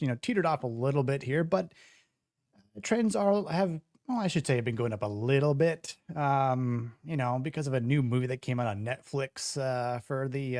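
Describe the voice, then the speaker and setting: A man's voice: medium pitch, darkish tone, no echo, clean studio sound. A young man hosting a casual livestream show, rambling with many fillers and restarts. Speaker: podcast host.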